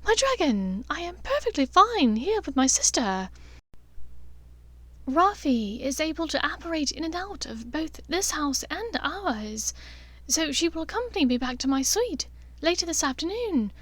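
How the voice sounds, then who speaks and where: A woman voicing an elegant aristocratic witch mother, poised, formal and soft-spoken, for an audiobook. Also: sits high, very animated, a little slow, dry recording, voice pushed up. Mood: gracious.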